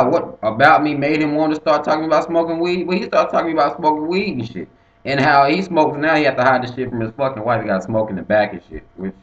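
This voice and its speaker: Profane man ranting in an echoey room. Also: mid-range voice. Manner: animated, swearing freely, repeats himself. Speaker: vlogger. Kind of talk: profane casual rant to camera. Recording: echoey room, dull lo-fi sound.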